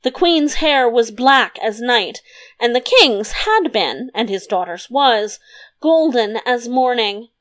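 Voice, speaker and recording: A woman narrating a fairy tale in a gentle, even reading voice. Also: on the high side, takes it slowly. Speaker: audiobook narrator. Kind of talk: storybook narration.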